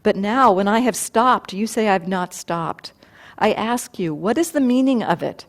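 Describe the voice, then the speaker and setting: A woman voicing a violent male bandit who taunts loudly and then asks puzzled questions, in a retold teaching story. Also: mid-range voice, animated, a little slow, voice pushed up.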